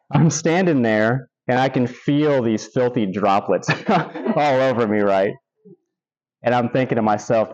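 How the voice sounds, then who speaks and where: A man's voice: fairly low pitch, lo-fi sound. A man preaching a sermon as pastor, telling stories with quoted asides and emphatic repetition.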